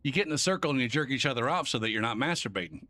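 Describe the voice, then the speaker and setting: A man's voice: medium pitch, expressive, racing, bright, forceful tone. A male game streamer in casual live-stream chat, rambling and profane, joking and narrating his own clicks as he goes.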